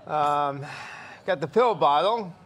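Excitable playful male comedy co-host. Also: a little high, slow pace. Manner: playful, excitable, laughing often. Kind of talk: comedic live show skit.

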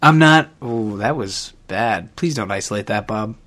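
A man's voice: on the low side, expressive, measured pace, a bit bright, slight background noise. Rambling, self-deprecating male co-host. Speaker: podcast co-host. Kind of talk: casual podcast chat.

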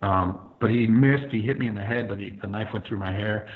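Low-voiced man over a tinny line. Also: a little fast. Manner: vivid, retells scenes step by step with many fillers. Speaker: firefighter guest. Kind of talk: first-person storytelling.

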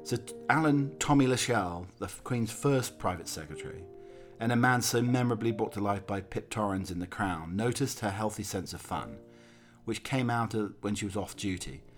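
A man narrating from a script in a steady, measured reading voice with occasional slips. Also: on the low side.

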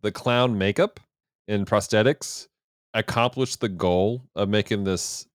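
A man co-hosting a casual movie podcast, telling stories in an animated way and laughing often. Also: on the low side, a little slow, clean tone, dry recording, clean studio sound. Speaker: podcast co-host. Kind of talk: casual chat.

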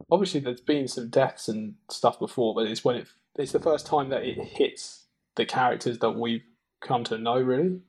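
A man's voice: mid-range voice, a little mellow. A man co-hosting a podcast, chatting enthusiastically and rambling with many restarts. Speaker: podcast co-host. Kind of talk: casual film chat.

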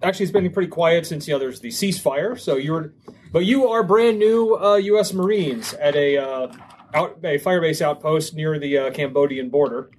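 A man's voice: a little high, moderate pace, darkish tone, a little hiss or hum. A man narrating as game master of a tabletop game, talking with many fillers and restarts.

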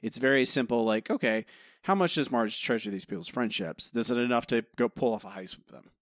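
A man's voice: mid-range voice, fairly quick, fairly bright tone, dry recording, clean studio sound. A man co-hosting a podcast, critiquing an episode in rambling, casual chat full of fillers and restarts. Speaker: podcast co-host.

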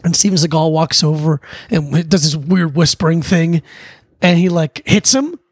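A man's voice: a little high, moderate pace, no room sound, clean studio sound. A man co-hosting a comedy podcast, telling stories with lots of acted-out quotes and laughter. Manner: animated storyteller, acts out quotes, laughs often. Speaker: podcast co-host. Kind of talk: casual comedy chat.

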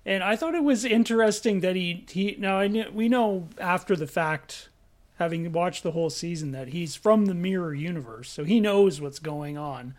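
Higher-voiced man, hesitant podcast chat. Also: moderate pace. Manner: hesitant, many fillers. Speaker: podcast co-host. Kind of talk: casual chat.

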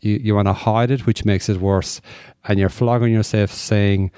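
A man's voice: fairly low pitch, steady tone, moderate pace, dark tone, clean tone, no echo, studio quality. A middle-aged Irish man giving a plain-spoken, reflective personal talk to a recovery meeting, with frequent ums and uhs. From Ireland. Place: meeting hall.

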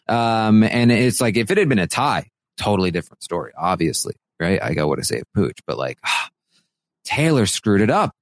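A man's voice: on the low side, big pitch swings, dry recording. A man hosting a podcast, casually recapping a reality show and paraphrasing what the houseguests said, with plenty of fillers. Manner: retells houseguests' talk in quick paraphrased quotes, with fillers.

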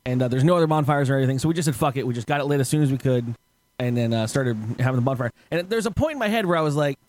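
A man's voice: medium pitch, lively intonation, rapid-fire, darkish tone. Rambling, laughing podcast host man. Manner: rambling, swearing, laughing often. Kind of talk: casual storytelling chat.

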